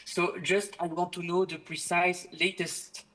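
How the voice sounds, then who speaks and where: A man with a French accent puts his question in a polite, formal way. His voice sits a little high and sounds bright and sharp. He sometimes pauses to search for the right word. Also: level tone, low-quality recording. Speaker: caller. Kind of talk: asking a question.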